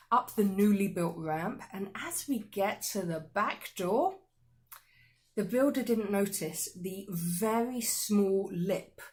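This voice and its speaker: A woman telling a personal story as a talk, acting out the dialogue with lively shifts in voice. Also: mid-range voice. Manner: animated, acts out dialogue in different voices.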